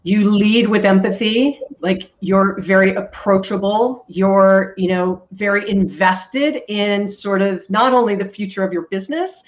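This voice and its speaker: A woman's voice: medium pitch, fairly even intonation, unhurried, hardly any pauses, muffled recording. A woman hosting a live video interview, speaking in an affirming, conversational way.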